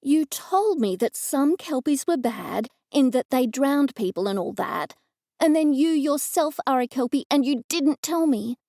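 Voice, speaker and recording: A woman's voice: sits high, lively intonation, a little slow, warm tone, dry recording, clean studio sound, pitched above the performer's own voice. A woman voicing a sixty-year-old heroine who sputters and shrieks in agitation. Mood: indignant.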